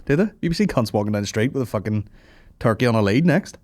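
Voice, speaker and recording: A man's voice: medium pitch, expressive, fast, darkish tone, no room sound. A man hosting a comedy podcast, telling rambling sweary stories in casual banter. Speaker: podcast host.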